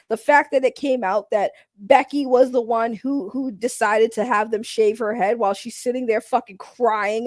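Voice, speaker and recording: A woman's voice: a little high, darkish tone, no echo, clean studio sound. A woman streaming live as host of a drama channel, ranting casually in a blunt, profane, mocking way.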